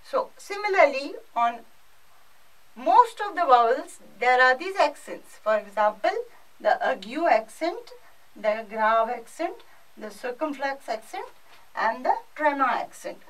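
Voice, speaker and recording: A woman's voice: high-pitched, animated, a little slow, recorded from a distance, poor audio. A female French teacher with an Indian English accent, giving a recorded class lesson and explaining patiently with lots of repetition.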